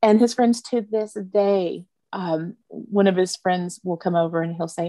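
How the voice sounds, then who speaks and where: A woman's voice: on the low side, fairly even intonation, measured pace, mellow, no room sound, studio quality. A middle-aged woman telling fond family stories in an interview, often laughing as she talks. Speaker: interview guest. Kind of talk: conversational storytelling.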